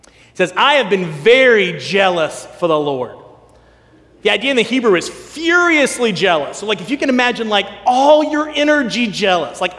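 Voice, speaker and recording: A man preaches with a high, lively voice, acting out quoted lines and dropping to a hush to stress a point. His voice rings through a long hall reverb, as in a church sanctuary. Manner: animated, acts out quotes, drops to soft hush for emphasis. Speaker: pastor. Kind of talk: sermon.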